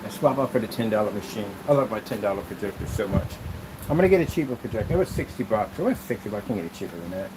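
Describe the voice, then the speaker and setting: A man's voice: on the low side, animated, very fast, noisy background. A man hosting a casual product demo vlog, rambling loosely with asides as he shows projection screens. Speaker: channel host demonstrating projection screens.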